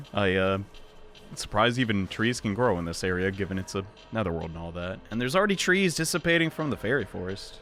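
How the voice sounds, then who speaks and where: A man's voice: on the low side, sing-song, normal speed, fairly bright tone, soft background music. A young man casually commenting on his gameplay, joking and exclaiming, with rambling asides. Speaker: let's play host.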